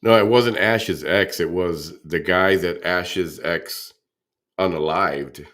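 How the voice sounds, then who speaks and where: A man's voice: deep voice, slow pace, fairly bright tone. A man hosting a casual reaction show, laid-back and swearing as he talks over gossip clips. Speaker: host.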